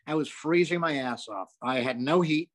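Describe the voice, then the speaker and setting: An older man, a comedian guest, telling animated anecdotes with lots of asides and some swearing. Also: a little high, moderate pace. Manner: animated, profane, rambling with asides. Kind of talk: anecdotal storytelling.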